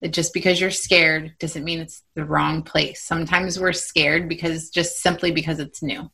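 A woman's voice: low voice, flat delivery, moderate pace, vocal fry, pushed and bright, breathy edge. A woman in her thirties hosting a motivational podcast for mothers, talking in a reassuring, encouraging way. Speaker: podcast host and mom coach.

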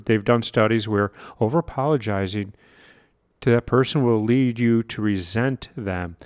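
A man coaches his listeners in a solo podcast, speaking earnestly and with emphasis, breaking in now and then with a wry aside. His voice sits in an ordinary middle pitch. The recording is dry and close, with no room sound. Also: darkish tone, dry recording. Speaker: podcast host and confidence coach.

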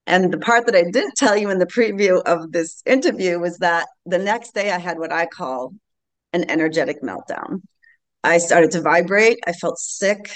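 Brief: woman, late fifties, podcast guest, earnest storyteller, slightly low voice. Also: normal speed. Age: late 50s. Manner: earnest, animated storytelling with frequent laughs. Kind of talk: casual interview storytelling.

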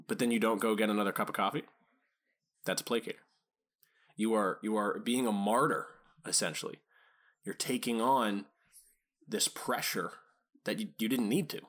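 A man's voice: fairly low pitch, brisk, pauses often, fairly bright tone. A man hosting a solo podcast on dog training, explaining ideas casually and acting out what his clients say. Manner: casual, explanatory, acts out quoted speakers.

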